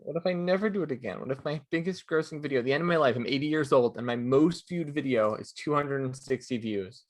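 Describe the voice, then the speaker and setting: A man's voice: medium pitch, fast. A man co-hosting a gaming podcast in casual chat, playful and prone to dramatic what-ifs. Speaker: podcast co-host.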